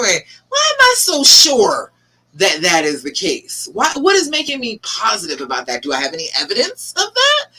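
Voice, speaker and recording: Animated, emphatic woman coach. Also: a little high. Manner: emphatic, coaxing, talks straight to viewers by name. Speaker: relationship coach hosting a live Q&A. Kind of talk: live-stream advice talk.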